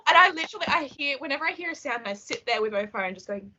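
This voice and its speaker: A woman's voice: sits high, quick pace. A young Australian woman with an Australian accent, chatting casually and telling stories with lots of giggles. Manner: giggly, animated storytelling. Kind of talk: casual chat over a video call. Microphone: video call. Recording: dull lo-fi video call audio.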